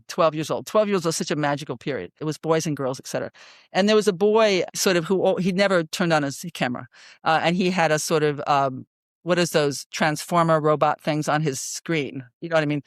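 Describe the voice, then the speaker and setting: A woman in her sixties, a psychologist guest in an interview, telling stories in an animated, emphatic way and often checking in with "right?". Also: sits low, dry recording, clean studio sound. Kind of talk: storytelling in a conversational interview.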